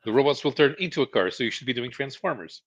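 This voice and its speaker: A man explaining a show in casual chat as podcast co-host, halting and restarting, chuckling as he goes. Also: medium pitch, expressive, slightly rough. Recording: dull lo-fi stream audio.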